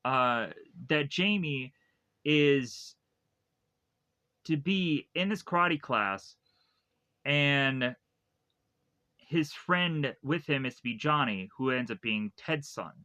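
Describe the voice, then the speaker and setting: A man talks through a movie's plot in a loose, rambling review, piling on fillers and restarting his sentences. His voice is bright and forward. The recording is dry, with no room sound. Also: mid-range voice, animated, slow, pauses often, no room sound. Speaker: film reviewer. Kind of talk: casual spoken movie recap.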